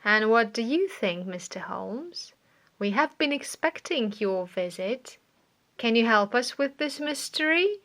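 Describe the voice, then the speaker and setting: Picture a smooth, inquisitive schemer hiding his aims behind friendly questions, as a woman reads him. Her voice stays bright and slow. It is an audiobook reading. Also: fairly high pitch, lively intonation. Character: male villain feigning friendly concern.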